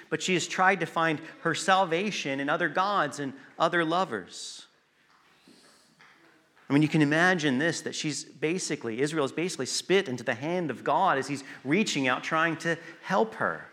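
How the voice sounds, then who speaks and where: A man preaching a sermon, earnest and emphatic, pausing to stress words and sometimes restarting a phrase. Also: a little high, pushed and bright.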